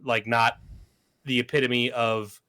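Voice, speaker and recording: A man co-hosting a podcast, talking casually and in an animated way, often trailing off with "like". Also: medium pitch, slow pace. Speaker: podcast co-host. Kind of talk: casual chat.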